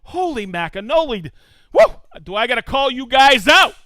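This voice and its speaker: An excitable man hosts a live stream, whooping as he reads out shout-outs. His voice sits high and swoops around a lot. It is clear and crisp. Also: moderate pace, no echo. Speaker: host of a live tool demo stream. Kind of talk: casual live-stream chat.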